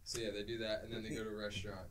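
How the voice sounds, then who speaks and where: A man's voice: lowish voice, flat delivery, rapid-fire, a bit bright. A man co-hosting a podcast, talking over a film in a rambling, profane way and acting out its scenes. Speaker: podcast co-host. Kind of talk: casual movie review chat.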